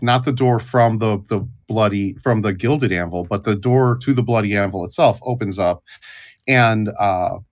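Man narrating a tabletop game. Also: lowish voice. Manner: halting, many restarts and fillers. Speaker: game master. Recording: dull lo-fi audio.

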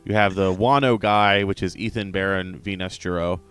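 Low smooth-voiced man recapping fast. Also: steady tone, a bit bright, faint music behind. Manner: rapid recapping with stumbling restarts. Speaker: podcast co-host recapping a manga chapter. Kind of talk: casual chat.

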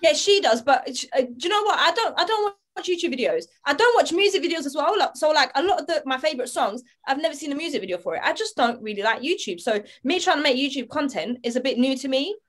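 A woman's voice: sits high, expressive, fast talker, hardly any pauses, fairly bright tone. A woman, co-hosting a casual podcast and complaining with emphatic, mock-indignant banter. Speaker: podcast co-host.

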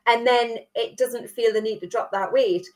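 A woman's voice: a little high, normal speed, darkish tone. Chatty Geordie woman co-hosting a podcast. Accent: Geordie, northeast England. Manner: chatty, leans on tag questions. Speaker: podcast co-host. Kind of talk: casual chat.

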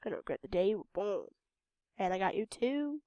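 A woman's voice: medium pitch, big pitch swings, a little fast, warm tone, no room sound, highs cut off. A tired young woman from Idaho with a Western American accent, rambling through casual gameplay commentary and talking back at the characters on screen. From Idaho, United States. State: tired and a bit sick. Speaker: game video host.

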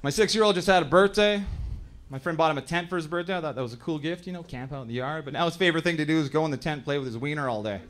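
A Canadian man in his thirties performing a stand-up comedy set on a club stage, telling family stories and briefly acting out other people in quick voices. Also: on the high side, a bit bright. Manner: storytelling, acts out other characters in quick voices.

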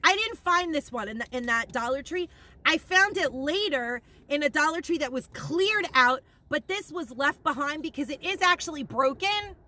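A woman in a casual shopping haul vlog, gushing and rambling with excitement, emotional and near tears at times. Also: sits high, moderate pace. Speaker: haul vlogger.

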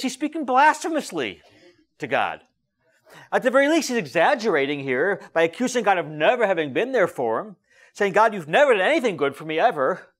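Brief: male rabbi preaching to a congregation, high, animated delivery, emphatic with ums and restarts. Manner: lively, emphatic preaching with frequent fillers and restarts. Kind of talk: sermon.

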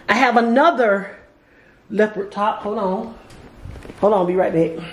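A woman in her forties chatting casually to her vlog camera and hosting a video call, thinking out loud as she goes. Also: medium pitch, normal speed, long pauses, echoey room, slight background noise. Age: 40s. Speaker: vlogger and video call host.

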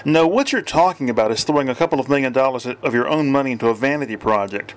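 A man's voice: medium pitch, animated, quick pace, lightly acted. A man voicing a sly, lazy male cat-man, a blunt and teasing dilettante, in an audiobook reading.

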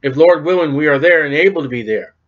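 A man's voice: fairly high pitch, fast talker, fairly bright tone, highs cut off. A man preaching an informal sermon in a conversational way, acting out bits of dialogue as he goes. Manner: conversational, acts out dialogue in quoted voices.

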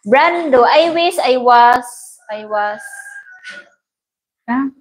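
A woman's voice: high voice, lively intonation, drawn-out words, long pauses, poor audio. A Filipino woman hosting a casual livestream, chatting, laughing often and greeting viewers by name. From Philippines. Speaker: livestream host. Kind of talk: casual livestream chat reading viewer comments.

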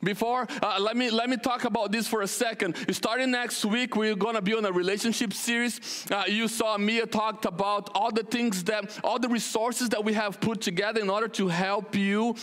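A man's voice: high-pitched, steady tone, normal speed, hardly any pauses, a bit bright. A man from Brazil, the senior pastor, joking and telling stories to his congregation with many restarts and fillers. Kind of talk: casual sermon announcements.

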